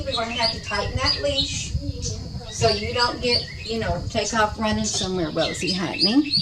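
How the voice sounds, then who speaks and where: With a higher-pitched voice at normal speed, a woman chats casually while filming the sky by her house, coaxing viewers and calling them honey. Birds sing loudly around her, and the camera mic catches plenty of outdoor noise.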